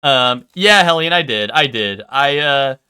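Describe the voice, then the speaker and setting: A young male streamer talks to his chat in a bright, crisp voice, rambling and swearing as he goes. The sound is dry and close. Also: medium pitch, expressive, measured pace, dry recording. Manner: rambling, swears a lot, full of ums. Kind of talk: casual live-stream chat.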